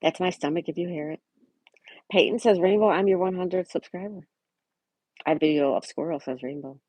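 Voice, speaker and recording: A woman's voice: on the low side, moderate pace, dark tone, husky, no echo. A woman hosting a casual livestream, chatting and reading out viewers' messages and greeting them by name. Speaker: livestream host. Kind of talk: casual live-chat reading.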